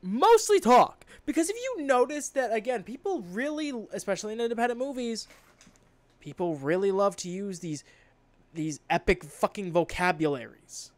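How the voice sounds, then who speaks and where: A man's voice: sits high, very animated, moderate pace, no room sound. A man co-hosting a podcast in casual chat, ranting with plenty of swearing and exasperation. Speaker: podcast co-host.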